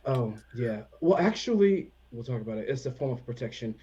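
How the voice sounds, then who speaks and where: A man's voice: mid-range voice, sing-song, a little fast, mellow, breathy edge, dull audio. A man playing his character in a tabletop game, hesitant and playful, slipping in and out of character. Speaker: player. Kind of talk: tabletop role-play, in and out of character.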